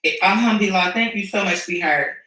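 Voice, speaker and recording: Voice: medium pitch, a little fast, bright, forceful tone. A streamer and musician chatting casually with viewers, rambling, sassy and profane, often restarting sentences. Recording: echoey room, mic at a distance.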